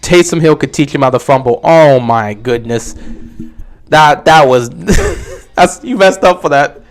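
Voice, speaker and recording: A young man casually commenting on a football game during a livestream, answering viewers' questions with animated talk. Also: a little high, normal speed. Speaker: livestream host.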